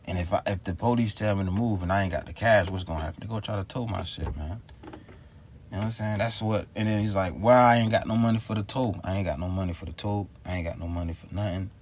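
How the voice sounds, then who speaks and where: A man's voice: sits low, fairly even intonation, quick pace, slight background noise. A man telling a story in a rambling, slangy and exasperated way for a casual vlog. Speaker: vlogger.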